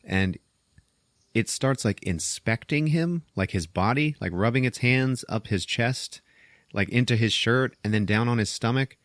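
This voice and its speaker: A man hosting a podcast, casually retelling a film's plot as an animated, profane storyteller. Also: mid-range voice, a little slow, no echo, studio quality. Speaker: podcast host. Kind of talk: casual movie recap.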